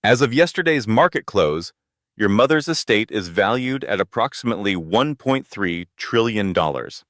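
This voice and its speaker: Narrator doing a gentle, formal male attorney: low, steady and dry-miked storybook delivery. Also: normal speed, no echo. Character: calm, measured male estate attorney.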